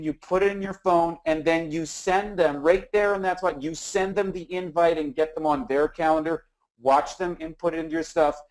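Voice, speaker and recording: A man giving an energetic sales training talk, acting out phone dialogue with frequent restarts. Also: a little high, low-quality recording. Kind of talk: instructional talk.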